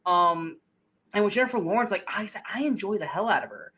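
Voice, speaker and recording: Fairly quick and animated, a young podcast co-host with a high, sharp voice tears into movies with blunt, heavily profane opinions. It's a casual conversation about film, and he makes his points emphatically.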